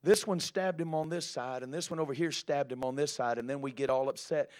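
A preacher delivering a church sermon in an emphatic voice that builds to loud, rising exclamations. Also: male voice, fairly high pitch, brisk, hardly any pauses.

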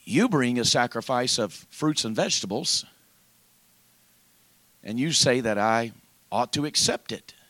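Stern, wounded God figure, put on by a male preacher; low, slow, quietly reproachful. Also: lively intonation, no room sound. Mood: aggrieved. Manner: slow, aggrieved, quietly rebuking.

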